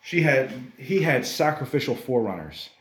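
A man preaching a sermon to a congregation in a conversational, animated way, often calling the listeners "guys". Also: mid-range voice, normal speed, roomy sound. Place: church service.

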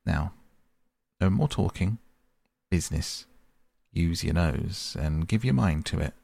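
A man's voice: low-pitched, expressive, slow, vocal fry, a little mellow, breathy edge, no echo, clean studio sound, full character voice. A man voicing a hearty, kindly male water rat who talks with cheerful command. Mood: brisk.

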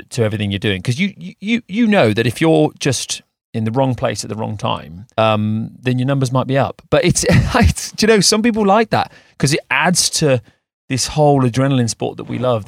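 A man's voice: medium pitch, animated, moderate pace, creaky, no echo. Male co-host, casual rambling storyteller, dry close-mic sound. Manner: rambling storyteller with many restarts. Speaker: podcast co-host. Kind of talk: casual chat.

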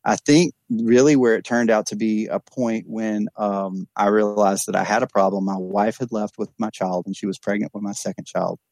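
A man's voice: fairly low pitch, steady tone, moderate pace, few pauses, darkish tone, no room sound. A man working as an addiction counselor, speaking earnestly and reflectively in a candid podcast conversation, often restarting and repeating words. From East Texas.

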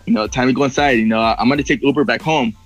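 A man's voice: mid-range voice, racing, dull audio, faint music behind. A man telling a long story in casual chat, swearing a lot and acting out what people said. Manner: rambling, heavy swearing, acts out quoted voices. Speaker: podcast guest.

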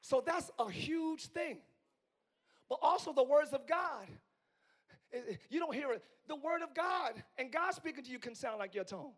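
A hoarse man in his forties preaching a live sermon as pastor, swinging from quiet musing to yelling. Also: extremely high pitch, animated, moderate pace. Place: church sanctuary.

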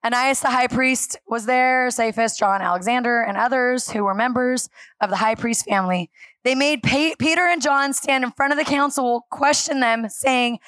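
Woman preaching in church, kinda high voice, acts out the dialogue, dry sound. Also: normal speed, no room sound. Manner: animated storytelling, acting out dialogue and laughing. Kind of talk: sermon with a live congregation.

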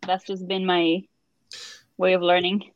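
Relaxed woman guest on a dull line. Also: lowish voice, measured pace, no echo. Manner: relaxed, laughs easily. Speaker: podcast guest, artist. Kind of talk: casual chat. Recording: dry, dull lo-fi sound.

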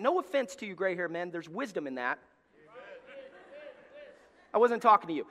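A middle-aged male pastor preaching a sermon, telling stories and swinging between shouted lines and hushed, soft passages. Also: sits high, big pitch swings, normal speed. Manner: storytelling preacher, swings from shouting to near-whispers. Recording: long hall reverb.

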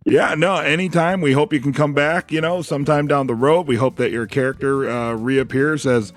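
A man's voice: medium pitch, fairly even intonation, moderate pace. A man hosting a casual podcast interview, easygoing and self-deprecating, laughing often. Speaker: podcast host.

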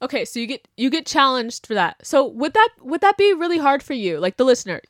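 Young female podcast host, casual and blunt, mocking tone, slightly high pitch. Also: brisk, dry recording, studio quality. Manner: blunt, animated, mocking quotes. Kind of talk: casual opinion chat.

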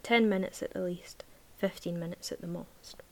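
A woman reading a novel aloud in a measured, even voice, then chatting casually about the book. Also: fairly low pitch. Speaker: book reviewer.

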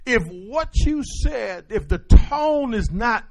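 A man's voice: very high-pitched, takes it slowly, vocal fry. A male pastor preaching a sermon, calling out questions to the congregation and answering them himself. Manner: call-and-response preaching, animated.

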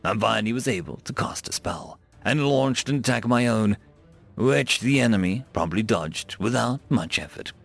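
A man's voice: on the low side, expressive, normal speed, vocal fry, soft background music. A man narrating an audiobook, telling the story steadily and voicing each character.

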